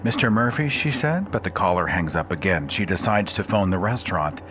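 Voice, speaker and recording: A man hosting a podcast, narrating a spooky story in a measured, suspenseful way. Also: low voice, very animated, music in the background. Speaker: podcast host.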